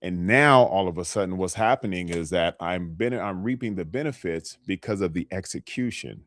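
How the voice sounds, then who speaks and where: A California-based health coach gives motivational advice on a live stream, keeping it conversational and often checking in with "okay?". His voice is low and fairly bright, at a moderate pace, with no echo.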